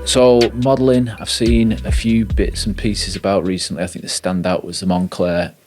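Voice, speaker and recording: A man's voice: deep voice, level tone, moderate pace, over loud music. A man hosting a podcast, chatty and casual, swearing freely and using slang. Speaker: podcast host. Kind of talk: casual interview chat.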